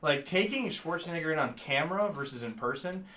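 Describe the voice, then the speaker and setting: Male guest, relaxed jokey chatter, bright voice. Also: on the high side, fairly quick. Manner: easygoing, joking, reads chat comments aloud. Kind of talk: casual livestream chat.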